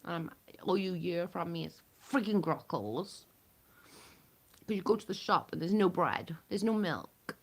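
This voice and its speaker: A woman's voice: on the low side, expressive, measured pace. A woman chatting casually with viewers on a livestream from home. She is blunt and chatty, and she swears freely. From United Kingdom.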